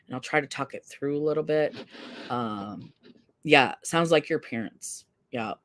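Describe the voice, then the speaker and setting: A woman's voice: rumbling low, unhurried. Earnest fifty-something woman chatting live. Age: 50s. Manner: candid, earnest, self-deprecating. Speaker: live stream host. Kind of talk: casual live chat reading viewer comments.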